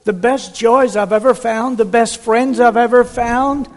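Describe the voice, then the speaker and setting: A male pastor preaching a sermon to his congregation, fervent and emphatic, drawing out key phrases, then dropping to a softer, confiding tone. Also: very high-pitched, steady tone, measured pace. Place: church sanctuary. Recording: church hall reverb with soft music.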